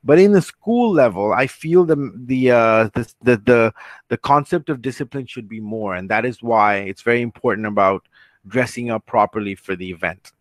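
A man's voice: medium pitch, moderate pace, no room sound. A man leading an online training session, earnest and reassuring, who often restarts his sentences and reads out questions from the chat. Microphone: computer mic on a video call.

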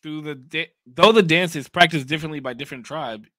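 A man co-hosting a casual livestreamed podcast, talking in an excitable, emphatic, profane way. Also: fairly high pitch, a little fast, dry recording. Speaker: podcast co-host.

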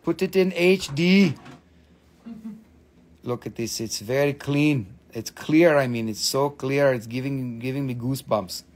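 A man hosting a live-stream mineral sale, gushing excitedly over each stone, swearing freely and calling out prices. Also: medium pitch, measured pace. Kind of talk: live-stream sales chat.

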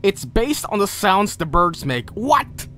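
A man streaming a horror game, reacting with excitable, profane commentary and frequent laughter. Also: high-pitched, a little slow, a little hiss or hum.

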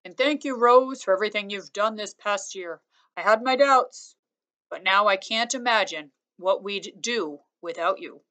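A woman reading aloud and voicing a grumbly but kind middle-aged father who calls out loudly. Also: medium pitch, unhurried, close to an everyday voice. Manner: loud hollering, then warm and gentle.

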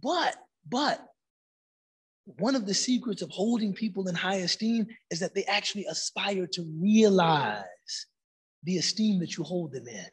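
A man talking as a podcast guest in a relaxed way, with frequent affirmations and Arabic phrases. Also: high-pitched, moderate pace, slightly rough. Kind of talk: casual podcast conversation.

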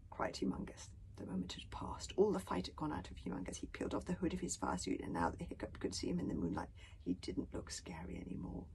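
Storybook reader: woman, hushed dramatic delivery, animated pitch. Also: poor audio. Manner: dramatic, often dropping to a hush. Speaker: author reading her book. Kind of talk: storybook reading.

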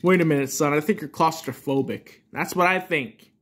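A man's voice: on the high side, normal speed, fairly bright tone. A man voicing a preachy father who lectures his son and keeps calling him "son.". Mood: lecturing. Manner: repeats "son" constantly, lecturing.

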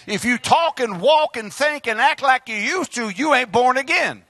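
A male Southern US preacher with a high, bright, strongly swinging voice. He shouts some lines and drops into quiet asides, and the sound is dry and close. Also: lively intonation, normal speed, dry recording. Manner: preaching with loud outbursts and sudden quiet asides. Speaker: pastor. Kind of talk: fiery sermon. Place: church sanctuary.

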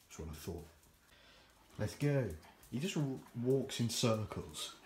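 A man's voice: medium pitch, sing-song, a little slow, pauses often, very noisy. Rambling self-mocking young man. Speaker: vlogger. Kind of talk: casual vlog chat. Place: at home, indoors and out. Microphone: handheld camera at arm's length.

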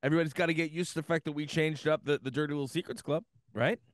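A man co-hosting a podcast in casual chat, talking haltingly with many restarts and laughing often. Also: on the high side, fairly even intonation, no echo, clean studio sound. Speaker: podcast co-host.

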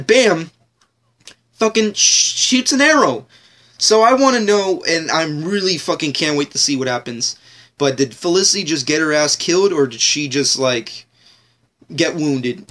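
A man's voice: a little high, fairly bright tone. A man ranting casually in a TV episode review vlog, rambling, joking and swearing heavily.

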